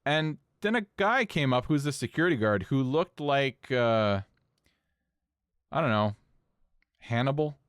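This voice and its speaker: A man co-hosting a podcast, telling a story in casual chat, animated and swearing freely. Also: a little slow, pauses often, smooth, no echo, studio quality. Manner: animated, swings pitch up when incredulous, swears casually. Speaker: podcast co-host.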